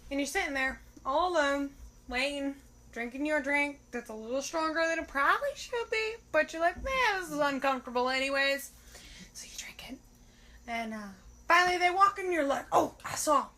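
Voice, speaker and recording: A woman's voice: high voice, expressive, normal speed, bright, forceful tone. A young woman telling a casual comic monologue, swearing freely and acting out her own thoughts. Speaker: comedian.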